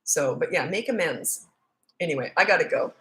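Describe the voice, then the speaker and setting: A woman's voice: sits low, expressive, normal speed, fairly bright tone. A middle-aged woman, a parenting coach, chatting casually on a livestream and telling stories with frequent laughs. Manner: chatty storytelling, laughs often.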